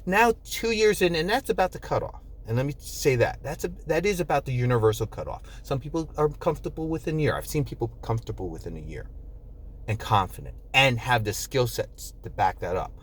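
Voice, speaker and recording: A man's voice: medium pitch, expressive, brisk, slight background noise. Blunt, profane older man. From New Jersey, US. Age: 50s. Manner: blunt and profane, acts out quoted people. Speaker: nurse vlogger. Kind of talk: casual straight-talk monologue.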